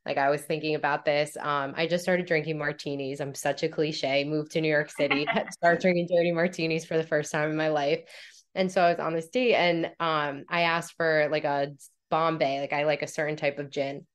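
A young woman guest on a podcast, chatting casually and acting out her own inner dialogue in animated stories. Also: low-pitched, normal speed. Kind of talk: casual conversational storytelling.

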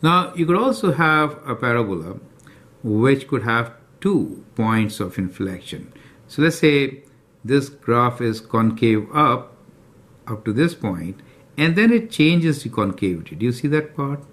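A man's voice: mid-range voice, lively intonation, a little slow, fairly bright tone. A man teaching a calculus lesson step by step, often checking in with the viewer. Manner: explanatory, checks in with "right?" and "do you see that?". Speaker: math teacher.

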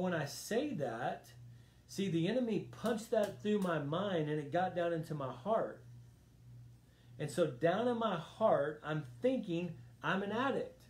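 Emphatic pastor in echoey church. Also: male voice, fairly high pitch. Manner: earnest, emphatic, repeats phrases. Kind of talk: sermon. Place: church sanctuary.

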